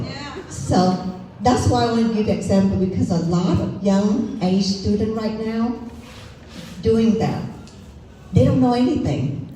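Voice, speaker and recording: A woman's voice: medium pitch, moderate pace, mellow. A woman from Vietnam with a Vietnamese accent, giving a storytelling speech as a candidate at an outdoor rally. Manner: storytelling, acts out dialogue. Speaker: political candidate. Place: outdoor rally in a parking lot. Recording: echoey, distant mic, faint noise.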